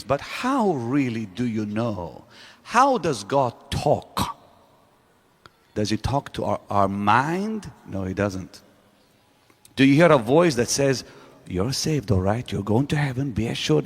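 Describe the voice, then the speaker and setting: A man preaching a sermon to a live audience in a large church auditorium, driving his point home with repeated rhetorical questions. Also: medium pitch. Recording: long reverb of a large hall.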